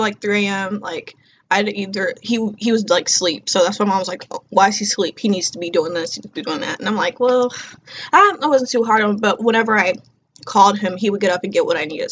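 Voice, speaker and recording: A young woman vlogging casually, retelling her story in a chatty, animated way and acting out quoted dialogue. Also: medium pitch, slight background noise.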